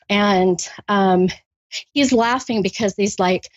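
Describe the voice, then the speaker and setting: A woman doing a psychic reading for a caller, halting with many ums, then bursting into gushing excitement. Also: mid-range voice, dry recording, lo-fi sound. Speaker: psychic medium. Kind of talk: live spirit reading with a caller.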